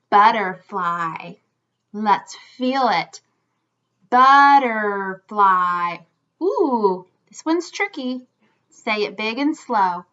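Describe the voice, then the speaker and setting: Bright, lively-voiced woman teaching young children. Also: medium pitch. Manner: clear, slow demonstrating speech for young learners. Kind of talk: children's lesson. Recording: slightly dull lo-fi sound.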